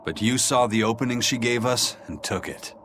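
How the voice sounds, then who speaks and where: An actor voicing a stern, seasoned male fighter in a video game, speaking in a gruff, calm, matter-of-fact way. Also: medium pitch, normal speed, a little hiss or hum, lightly acted. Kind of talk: game voice acting.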